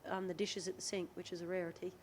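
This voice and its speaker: A woman's voice: lowish voice, fast, a little hiss or hum. Chatty Australian woman telling stories. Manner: candid, chatty, lively retelling with quoted dialogue. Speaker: guest, rugby league player. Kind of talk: podcast interview storytelling.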